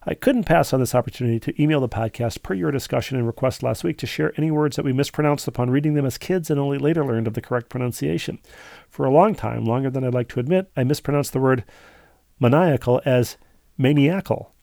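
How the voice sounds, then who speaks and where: A man's voice: medium pitch, fast talker, gravelly, dark tone, no room sound, studio quality. Rambling man reading listener mail. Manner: rambling, digressive, full of asides. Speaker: podcast co-host. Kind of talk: casual podcast chat, reading listener emails.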